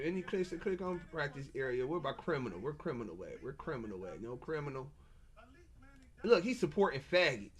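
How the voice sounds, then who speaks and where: Brief: high-pitched man, agitated stammering monologue rant. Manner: agitated, stammering, repeats himself. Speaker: self-published author.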